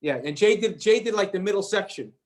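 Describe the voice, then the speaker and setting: Man telling a story with quick restarts. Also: sits high. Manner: lively anecdote-telling, acts out quoted voices, repeats words. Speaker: actor guest. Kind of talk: animated storytelling.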